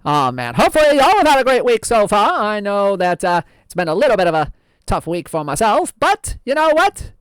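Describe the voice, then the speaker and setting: A man's voice: high-pitched, very animated, fairly bright tone, clear, resonant tone, no echo. A man hosting as a show host in a put-on old-timey radio announcer voice, theatrical and drawn out. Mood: hammy. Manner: theatrical, drawn-out, laughs at himself. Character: 1920s radio host, hammy and folksy.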